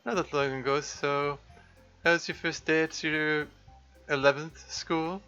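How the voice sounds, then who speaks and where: A dry, teasing older brother with an attempted Yorkshire accent, played by a man, sarcastic and a touch above his normal register. The sound is bright and sharp but dull and lo-fi, with faint music behind. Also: a little high, steady tone, measured pace, clean tone, pitched above the performer's own voice. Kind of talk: voice-acting a visual novel.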